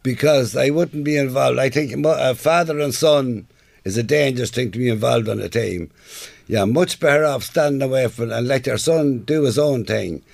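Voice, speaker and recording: A man's voice: medium pitch, moderate pace, gravelly, a little mellow, no echo. A man, a former footballer and guest telling earnest, plain-spoken stories in an interview. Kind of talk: interview storytelling.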